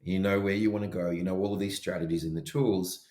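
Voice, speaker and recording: A man co-hosting a podcast in casual chat, animated as he acts out his inner voices. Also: deep voice, quick pace, reverberant. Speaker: podcast co-host.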